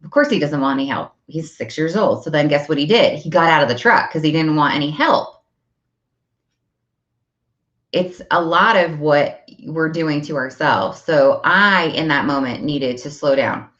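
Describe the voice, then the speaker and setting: A woman's voice: sits low, expressive, normal speed, a bit bright, roomy sound. A woman hosting a parenting talk, chatting casually and acting out talks with her kids. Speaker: parenting podcast host. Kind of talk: casual chat. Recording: dull lo-fi audio.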